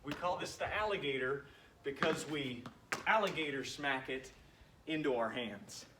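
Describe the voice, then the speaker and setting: A man with an expressive, medium-pitched voice leads a home workout as a PE coach, speaking at a measured pace. He's upbeat and encouraging, joking along the way and sometimes a bit out of breath. The mic is distant and the background noisy.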